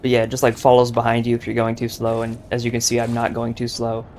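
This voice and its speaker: A man's voice: mid-range voice, monotone, quick pace, darkish tone, slight background noise. A young man giving casual, joking gameplay commentary, boastful and rambling with lots of filler words. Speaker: gaming YouTuber.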